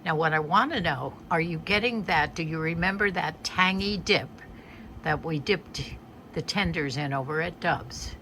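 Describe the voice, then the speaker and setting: Woman, 80s, warm homey cook talking viewers through each step, slightly low register, home kitchen. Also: normal speed, a little hiss or hum. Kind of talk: casual cooking demonstration.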